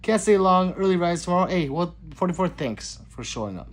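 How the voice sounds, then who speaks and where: A man's voice: high voice, lively intonation, brisk. Man chatting loosely through a livestream. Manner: loose, joking, swings between loud greetings and mutters. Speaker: gun channel host reading live chat. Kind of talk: casual livestream chat.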